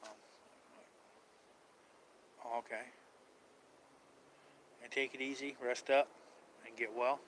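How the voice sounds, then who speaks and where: A man's voice: mid-range voice, level tone, takes it slowly, long pauses, a bit bright, slight background noise, low-quality recording. A man chatting casually on a live stream about paranormal outings, rambling, unsure and trailing off mid-thought.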